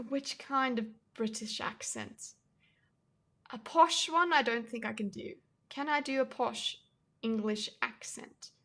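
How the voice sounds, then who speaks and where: A young woman hosts a casual livestream, chatting with her viewers. Her voice sits a little high with a bright, forward edge. She is jokey and self-deprecating and laughs easily. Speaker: livestream host. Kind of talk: casual livestream chat reacting to chat.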